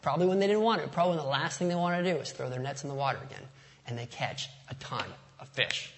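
A man's voice: on the high side, expressive, fast talker, a bit bright. A man preaching a sermon as pastor, casual and conversational, slipping in jokes. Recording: long reverb of a large hall.

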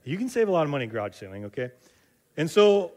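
A man's voice: on the high side, sing-song, fast, darkish tone. A middle-aged man preaching a sermon, telling stories in a loose conversational way with many fillers and restarts and acting out the voices of people in them. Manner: acts out quoted voices in dialogue. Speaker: pastor.

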